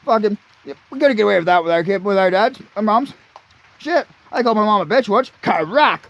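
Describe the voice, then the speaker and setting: A man's voice: high-pitched, animated, normal speed, a bit bright. A man in his late thirties, ranting angrily and crudely, swearing constantly as he rambles. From Canada. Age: 30s. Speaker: vlogger. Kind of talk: profane rambling rant.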